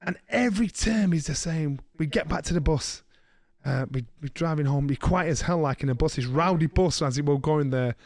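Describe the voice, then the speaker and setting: A middle-aged man, co-hosting a podcast, telling a story in a lively way and slipping into the voices of the people he quotes. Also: fairly high pitch, moderate pace, hardly any pauses, no room sound. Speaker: podcast co-host. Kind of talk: casual storytelling chat.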